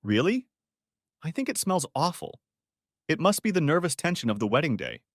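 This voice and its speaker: A man voicing a flustered, sneaky young woman on her wedding day, speaking high and stammering. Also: sing-song, moderate pace, no echo, clean studio sound. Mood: nervous. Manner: panicky, high-pitched, stammering.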